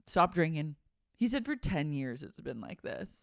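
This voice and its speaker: A woman's voice: sits low, sing-song, normal speed, gravelly, a little mellow, no echo, studio quality. A woman co-hosting a podcast, recapping a reality show in casual chat with wry roasting banter and frequent laughs. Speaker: podcast co-host.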